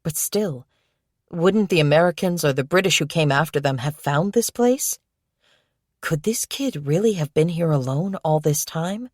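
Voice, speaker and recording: A woman with a deep voice narrates a novel as an audiobook reader, delivering scripted storytelling in a steady, measured way. The recording is dry, with clean studio sound.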